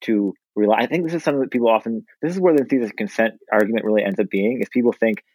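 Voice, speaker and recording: Man talking fast and blunt on a podcast, dry close sound, kinda low voice. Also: a little mellow, no echo, rough recording. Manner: earnest, emphatic, blunt with profanity. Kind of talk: frank casual discussion.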